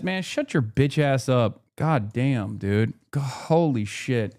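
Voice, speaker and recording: A man's voice: fairly high pitch, expressive, unhurried, hardly any pauses. A man livestreaming his reactions to news clips, ranting in a heated, profane and sarcastic way. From United States. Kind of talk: live reaction commentary.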